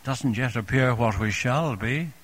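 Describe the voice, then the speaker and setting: A man delivers a sermon at an unhurried pace, gentle and tender in manner. His voice sits at a middle pitch, and he often repeats short phrases softly as he speaks to the congregation as dear friends. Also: slightly rough. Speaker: preacher.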